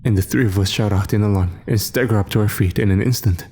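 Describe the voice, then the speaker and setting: Low-voiced man narrating horror. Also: fairly even intonation, fast talker, a little mellow, slight background noise. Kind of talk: scripted first-person horror narration. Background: faint music.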